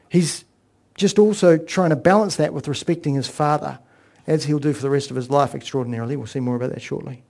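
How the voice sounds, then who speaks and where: A man giving a sermon-style Bible exposition, earnest and explanatory, with frequent pauses. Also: on the high side, warm tone. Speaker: Bible teacher.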